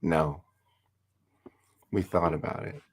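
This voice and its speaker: A man's voice: very deep voice, steady tone, slow, heavily acted. A man voicing an impatient adult daughter in a tabletop role-play, talking bluntly and pushing for answers. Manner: blunt, pushy.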